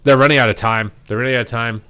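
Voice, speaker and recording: A man giving slangy, joking live commentary on an esports match, yelling at the big plays. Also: mid-range voice, fairly even intonation, very fast, clear, resonant tone. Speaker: streamer casting an esports match.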